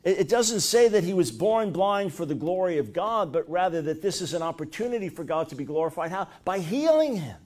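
Middle-aged male preacher, high voice, lively storyteller, punches up quoted lines. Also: a little fast, few pauses. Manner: animated storytelling, rising to loud high-pitched bursts when acting out quotes. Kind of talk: sermon.

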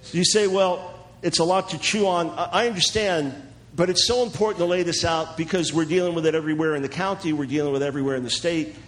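A man preaching in a sermon-style teaching talk, animated and chuckling, acting out the voices of the people he quotes. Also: a little high, fast talker.

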